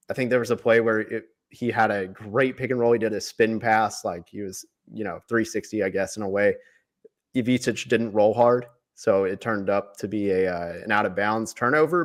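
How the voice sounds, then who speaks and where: A man with a somewhat low voice breaks down a basketball prospect in relaxed podcast conversation. His delivery is easygoing and chatty, with casual fillers throughout. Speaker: podcast co-host, draft analyst. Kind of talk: casual sports podcast talk.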